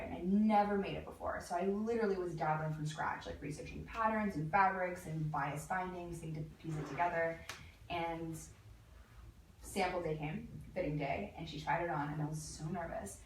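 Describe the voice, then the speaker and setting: A woman, a lingerie designer and guest, telling animated stories in casual chat and laughing often. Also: on the low side, moderate pace. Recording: echoey room, mic at a distance, faint noise.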